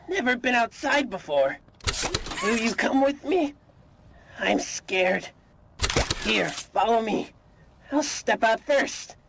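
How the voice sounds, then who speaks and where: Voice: high-pitched, creaky, full character voice. A fan performer voicing a timid cartoon chicken creature who is eager but nervous. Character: timid young chicken creature who has never been outside. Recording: loud background noise.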